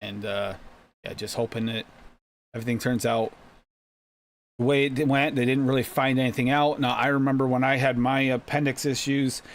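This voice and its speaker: A man's voice: medium pitch, fairly even intonation, normal speed, slight background noise. A man hosting a live stream, chatting casually in a rambling, laid-back way. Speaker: host of a DIY mixing show.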